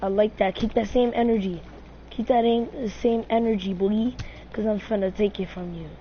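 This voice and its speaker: A woman's voice: mid-range voice, steady tone, normal speed. A woman giving casual gameplay commentary at home, trash-talking and teasing her opponents with repeated taunts. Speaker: gaming channel host. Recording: dull lo-fi sound with faint noise.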